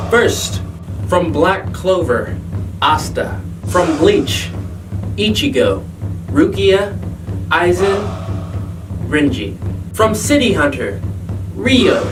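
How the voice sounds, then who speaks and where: A man hosting a hyped gaming video, energetic and jokey with self-mocking asides. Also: a little high, slow, pauses often. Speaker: host. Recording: distant mic with music. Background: background music.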